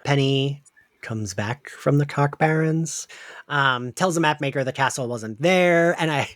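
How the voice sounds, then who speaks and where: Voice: mid-range voice, a little slow, no echo, studio quality. A podcast co-host chatting casually in a TV episode review, laughing often and filling talk with "like". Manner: chatty, giggly, many "like" fillers.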